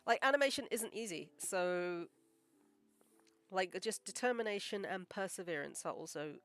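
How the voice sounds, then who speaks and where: A woman's voice: mid-range voice, expressive, moderate pace, fairly bright tone, soft background music. A woman animator chatting casually on a livestream while she draws, rambling with lots of "like" and "um" and sounding modest and encouraging. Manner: rambling, full of "like" and "um". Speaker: animator live-streaming her work.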